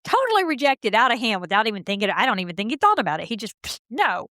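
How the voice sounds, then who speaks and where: A woman co-hosting a privacy podcast, chatty and animated as she tells stories in casual conversation. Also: fairly high pitch, very fast, no echo, clean studio sound. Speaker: podcast co-host.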